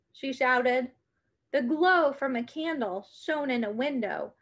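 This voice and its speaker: A woman reading a children's story aloud with an expressive, dramatic delivery. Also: high voice, slow, vocal fry.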